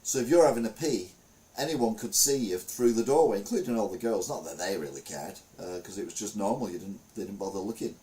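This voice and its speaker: A man's voice: lowish voice, expressive, brisk, mellow. A middle-aged man chatting casually as a show host, rambling with lots of fillers. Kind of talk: casual chat.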